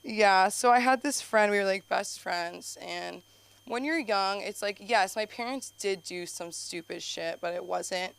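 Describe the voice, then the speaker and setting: A woman's voice: mid-range voice, a little slow, creaky, clean tone. A young woman from Los Angeles doing a rambling, self-deprecating stand-up set at an open mic, laughing at her own jokes and yelping suddenly. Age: young adult. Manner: heavy use of "like", sudden loud yelps. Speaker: stand-up comic.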